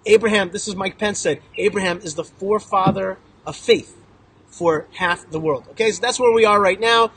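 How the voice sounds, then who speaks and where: Husky, high-voiced man telling stories. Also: moderate pace, a bit bright, rough recording. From Israel. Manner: emphatic, joking, punchy repetition. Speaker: local spokesman speaking to a visiting group. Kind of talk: animated storytelling talk to a group. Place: outdoors in a town.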